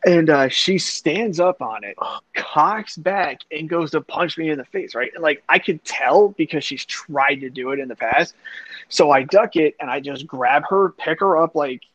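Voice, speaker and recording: A man's voice: fairly high pitch, unhurried, fairly bright tone, no room sound. A young man hosting a podcast, telling a long personal story in a rambling, profane way, full of "like" and other fillers. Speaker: podcast host. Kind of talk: casual storytelling chat. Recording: dull lo-fi sound, dry.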